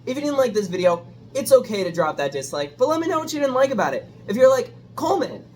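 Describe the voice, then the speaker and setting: A man's voice: very high voice, big pitch swings, fast, a little mellow. A man chatting casually as a food reviewer, rambling and hesitant, self-deprecating as he hunts for words, with a dishwasher running in the background. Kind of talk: casual home review vlog.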